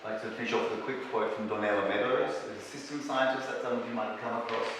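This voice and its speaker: A man from Australia with a flattened Australian accent, presenting at a workshop in a relaxed, plain-spoken way, recorded far off in a large hall. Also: fairly low pitch, very fast. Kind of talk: conference presentation and Q&A. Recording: echoey hall from far off with noise.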